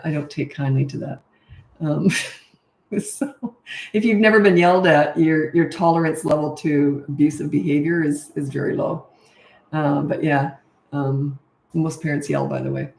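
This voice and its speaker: A woman's voice: sits low, fairly even intonation, moderate pace, creaky, a little mellow. Blunt middle-aged woman in echoey room. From Canada. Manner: blunt and matter-of-fact, many fillers. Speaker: parenting coach. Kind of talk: casual livestream Q&A.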